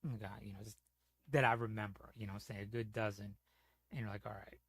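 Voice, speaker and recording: A man's voice: on the low side, steady tone, quick pace, fairly bright tone, slightly rough, dry recording. A man chatting casually on a gaming stream, telling rambling, profane stories full of "you know". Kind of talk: casual storytelling chat.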